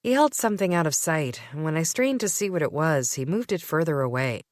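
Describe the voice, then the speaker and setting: Low, lively woman narrating an audiobook. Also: fairly quick, no room sound, studio quality. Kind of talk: first-person audiobook narration.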